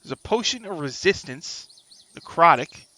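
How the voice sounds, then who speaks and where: A man running a tabletop game as dungeon master, thinking aloud in an unhurried way. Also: on the high side, animated, sharp tone.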